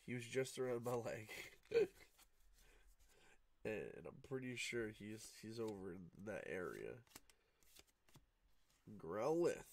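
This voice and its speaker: A man hosting a card-opening video, talking in a sleepy, low-key, fairly monotone way, groggy from just waking up. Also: slow, gravelly, long pauses. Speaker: card-opening channel host. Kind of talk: casual pack-opening commentary. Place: home room at night, cat nearby.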